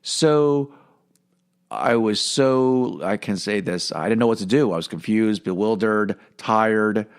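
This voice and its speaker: A man's voice: on the low side, slow, clear, resonant tone. A man hosting a podcast, telling a long personal story in a casual, rambling way with lots of fillers and restarts. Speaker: podcast host.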